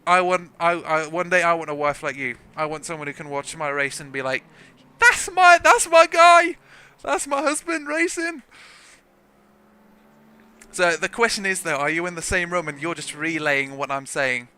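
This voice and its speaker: A young man from South Africa with a South African accent softened by British English, giving rambling, jokey commentary on a sim racing livestream. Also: fairly high pitch, steady tone, brisk, few pauses, clean tone. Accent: South African with some British English. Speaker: race commentator.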